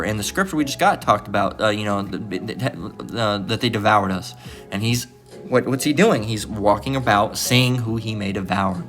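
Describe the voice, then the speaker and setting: A man's voice: fairly low pitch, moderate pace, fairly bright tone, soft background music. A man preaching an informal Bible lesson. He is emphatic and profane, repeats himself, and keeps tagging his lines with "all right?".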